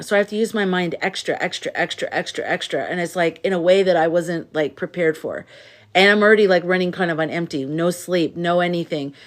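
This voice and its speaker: Woman livestreamer, worn out, frustrated venting between shout-outs. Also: on the low side. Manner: venting, frustrated and weary, thanks viewers by name. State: exhausted. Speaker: live streamer. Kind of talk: casual livestream chat.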